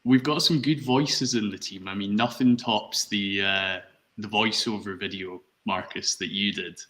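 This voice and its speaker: Scottish guy on a team livestream, kinda low but really bright voice, easygoing. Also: fairly even intonation, unhurried. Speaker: team member. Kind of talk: casual livestream chat.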